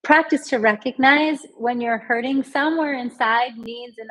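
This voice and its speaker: Breathy woman coaching emotional healing. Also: sits high, poor audio. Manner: gentle, repeats healing phrases slowly; talks straight to viewers, reads their comments aloud. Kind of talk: live online healing lesson.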